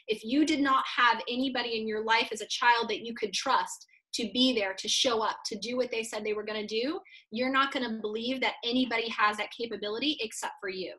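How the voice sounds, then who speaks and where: A woman coach speaks as a podcast guest, her voice bright and somewhat high for a woman. She explains in a confident, teaching way, building each point step by step. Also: rough recording. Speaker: guest coach for real estate agents. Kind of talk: podcast interview.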